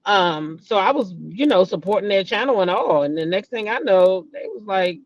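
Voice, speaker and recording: A middle-aged woman holds forth in a chatty gossip vlog, swinging into dramatic outbursts as she talks straight to her viewers. Her delivery is animated and familiar. The recording sounds dull and lo-fi. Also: mid-range voice, normal speed, no echo. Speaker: vlogger, show host. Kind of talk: casual celebrity gossip chat.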